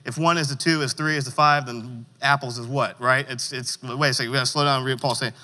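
A man preaching to teenagers, calling for answers from the room and reading scripture slowly with emphasis. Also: mid-range voice, fairly even intonation, sharp tone. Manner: interactive, coaxing audience responses; reads scripture with slow emphasis. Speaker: youth pastor. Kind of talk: sermon. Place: church hall. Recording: long hall reverb.

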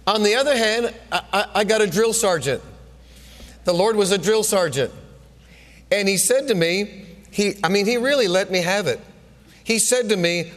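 A man's voice: high-pitched, moderate pace, fairly bright tone. A male pastor preaching a sermon, telling a personal story with frequent restarts, in a church sanctuary. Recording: long hall reverb.

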